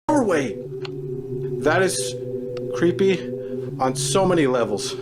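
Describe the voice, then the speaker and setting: A man's voice: fairly high pitch, very animated, takes it slowly, heavy background noise. A man investigating a place for spirits as he explores it, gasping and exclaiming in alarm. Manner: jumpy, gasping, repeated exclamations. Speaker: paranormal investigator. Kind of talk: live exploration commentary.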